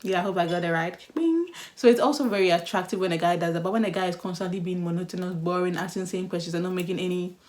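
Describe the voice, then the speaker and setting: Chatty, animated woman vlogger. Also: fairly low pitch. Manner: chatty and animated, acts out quoted voices. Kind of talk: casual advice vlog.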